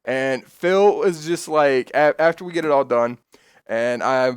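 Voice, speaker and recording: A man chatting casually on his stream, rambling and swearing freely, getting excitable as he tells stories. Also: medium pitch, a little slow, clear, resonant tone, no room sound, clean studio sound.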